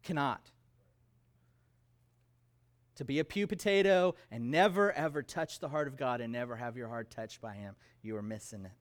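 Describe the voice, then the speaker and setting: A man's voice: medium pitch, moderate pace. A middle-aged man preaching a sermon as a pastor, in an emphatic, conversational style with touches of humor.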